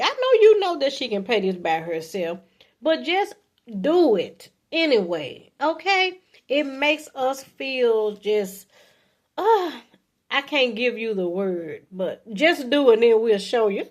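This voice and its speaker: Chatty woman in her fifties giving advice. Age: 50s. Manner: chatty and folksy, often adding okay, acts out sweet lines to a partner in a high voice. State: coughing from allergies. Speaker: vlogger giving relationship advice. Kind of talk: casual advice talk to camera.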